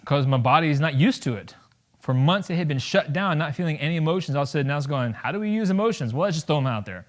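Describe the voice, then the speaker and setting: A guest speaker in his thirties gives an animated, jokey campus talk to a college audience. His voice is a little higher than most men's, and he keeps slipping into quick acted-out voices to make his points.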